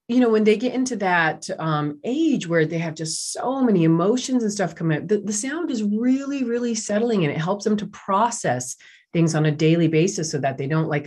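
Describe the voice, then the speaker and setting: A woman's voice: lowish voice, a little mellow. A middle-aged woman, a doctor guest in an interview, talking in an enthusiastic, chatty way with many fillers. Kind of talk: casual interview talk.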